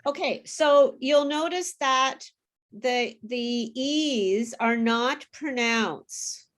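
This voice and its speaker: A woman teaching an English pronunciation class, modelling words slowly and patiently for students to repeat. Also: high voice, a bit bright. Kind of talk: online group pronunciation class.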